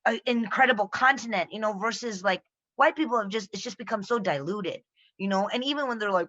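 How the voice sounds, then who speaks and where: A woman's voice: medium pitch, fast talker, highs cut off. A woman from the American Midwest with an American accent, chatting casually as a podcast guest and acting out the voices of people in her stories. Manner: animated storyteller, acts out quoted voices. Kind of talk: casual chat.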